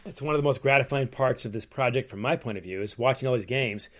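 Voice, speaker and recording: A man, an author interviewed as a guest, telling stories in a lively way and acting out quotes. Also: mid-range voice, quick pace. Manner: lively storyteller who acts out quotes. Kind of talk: storytelling interview.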